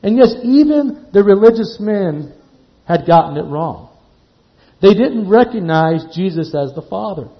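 Male preacher, fairly high voice, slows and hushes for emphasis; muffled lo-fi recording. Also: expressive. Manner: slows and drops to a hush on key words, then rises. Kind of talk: sermon. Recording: dull lo-fi sound.

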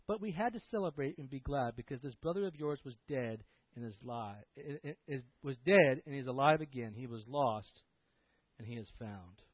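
A man voicing a gentle father who softly and slowly pleads with his son. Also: medium pitch, breathy edge, no echo, voice pushed down, natural voice. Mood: tender. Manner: soft, tender, slow. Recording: tinny, dry, phone-like sound.

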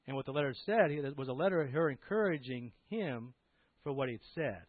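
A man preaching a sermon, telling a story that swells to loud emphatic peaks and drops to soft low passages. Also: lively intonation, fairly quick, no room sound. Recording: tinny phone-like sound.

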